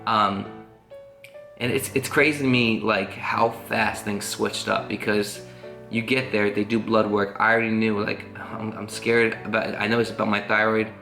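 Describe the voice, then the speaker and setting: Casual vlogger man, bright forceful voice, rambling earnest telling, roomy echo, faint guitar behind. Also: on the low side, flat delivery, normal speed, vocal fry. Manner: rambling, earnest, full of "like" fillers. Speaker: family vlogger. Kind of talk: casual storytelling to camera.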